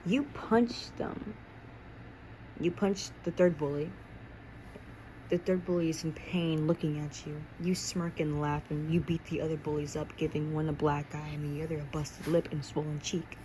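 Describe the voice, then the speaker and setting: A woman's voice: low voice, flat delivery, normal speed, mellow, slight background noise, poor audio. A young woman casually reading her own second-person fan story aloud, stumbling and restarting now and then. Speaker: amateur reader.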